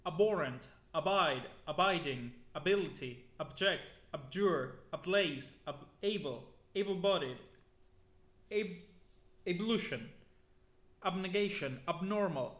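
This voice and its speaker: Man, slightly high voice, lively pitch, reading a word list aloud, echoey room. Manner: slow, deliberate word-by-word reading. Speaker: YouTuber.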